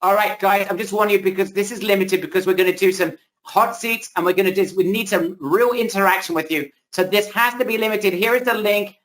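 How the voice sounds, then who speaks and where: A man hosting a live webinar, pitching energetically and repeating himself, losing his voice a little. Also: brisk, few pauses, a bit bright, rough recording. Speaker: webinar host. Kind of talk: hyped live sales pitch. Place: home, indoors.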